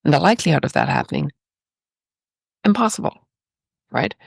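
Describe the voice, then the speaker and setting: Very gravelly Irish woman telling stories. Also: low voice, lively intonation, a little fast, no echo. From Ireland. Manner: reflective and spiritual, with rhetorical "right?". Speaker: podcast guest. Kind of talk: personal storytelling.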